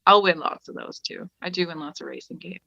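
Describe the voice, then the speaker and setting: A young woman from the west coast of Canada, a guest chatting in a relaxed, upbeat way. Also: fairly low pitch, a little fast, creaky, no echo, dull audio. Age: young adult. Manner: upbeat, easygoing, laughs readily. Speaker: podcast guest. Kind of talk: casual interview chat.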